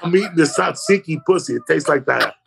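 A man's voice: a little high, lively intonation, fairly quick, shouting, very noisy. A man telling a profane, rambling story on a podcast, acting out the other people's voices. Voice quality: gravelly, husky voice. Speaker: comedian guest telling a story.

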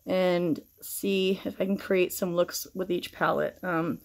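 A woman's voice: lowish voice, fairly even intonation, slow pace, gravelly. A middle-aged woman chatting casually through a makeup tutorial, rambling and swearing freely while shaken and stressed. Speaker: makeup vlogger.

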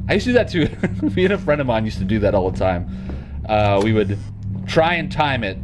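Over a noisy background, a man with a lowish voice talks fairly fast and very animatedly while playing a horror game. He's the video's host, rambling and cracking nervous jokes in casual let's-play style, easily startled.

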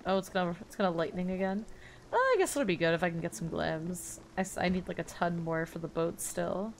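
A woman's voice: on the low side, animated, fairly quick, slight background noise. Chatty young woman narrating gameplay. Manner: chatty, frets aloud, hums along. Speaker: let's play streamer. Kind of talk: casual gameplay commentary.

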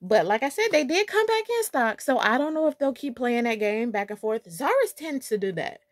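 A woman's voice: on the high side, big pitch swings, fairly quick, no echo. A young woman vlogger gushing and chatting playfully while unboxing shoes. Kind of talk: casual unboxing vlog.

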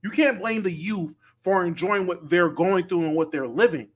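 A man's voice: high-pitched, moderate pace, slightly rough. A man co-hosting a podcast, arguing his point emphatically in slangy, casual talk. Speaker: podcast co-host. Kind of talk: casual debate chat.

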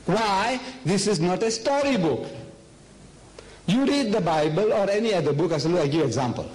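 An older man with a South African accent giving an emphatic public lecture on religion, full of rhetorical questions, sometimes dropping to a low murmur. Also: animated, normal speed, a little mellow, low-quality recording.

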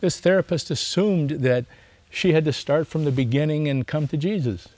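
A man's voice: fairly high pitch, moderate pace. A male pastor giving a seminary lecture, reading a story aloud and asking his listeners rhetorical questions. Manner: animated, asks the class rhetorical questions.

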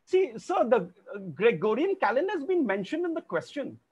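High-voiced quizmaster. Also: male voice, sing-song, normal speed, darkish tone, slightly rough, muffled recording. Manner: formal and polite, addresses players as sir. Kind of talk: hosting an online family quiz.

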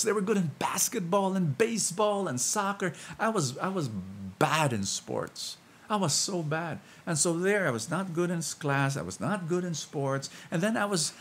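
A Filipino man preaching a sermon, shifting from hushed and slow to loud and excited, with self-mocking humor. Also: sits high, a little hiss or hum. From Philippines.

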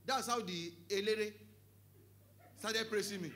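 A middle-aged Nigerian pastor with a Yoruba-tinged English accent, preaching an animated sermon, often shouting, joking and slipping into Yoruba. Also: male voice, fairly high pitch, normal speed.

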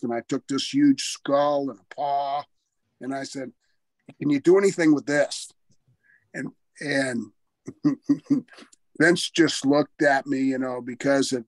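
A man's voice: on the high side, dry recording. An older man, a former wrestler, telling career stories in a casual interview, chatty and laughing often as he talks.

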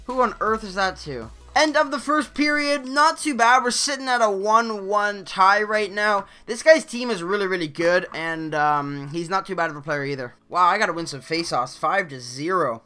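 A young man hosting a gaming channel, giving casual live commentary on his own hockey game and swinging between loud outbursts and low mutters. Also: normal speed, hardly any pauses, soft background music.

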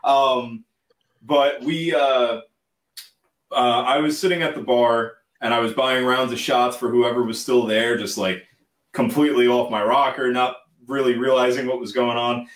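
A man's voice: mid-range voice, fairly even intonation, a little slow, far from the mic. Man telling band stories in an echoey room. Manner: rambling, laughs while recounting. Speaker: band member guest. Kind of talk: casual storytelling.

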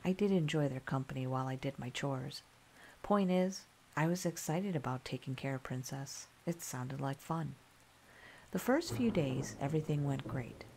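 A woman narrating a scary story in a calm, soft-spoken ASMR style. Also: rumbling low, moderate pace, slight background noise.

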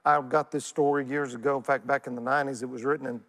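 A man with a Texan accent preaching a sermon as pastor, folksy and animated, calling on the congregation to answer back. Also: medium pitch, fast talker. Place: church sanctuary. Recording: church hall reverb.

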